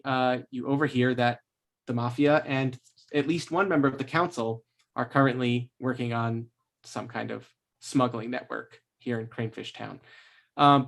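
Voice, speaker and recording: Rambling man recapping as game master. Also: mid-range voice. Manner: rambling, searching for words, laughing often. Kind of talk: recapping a tabletop game session. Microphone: streaming microphone.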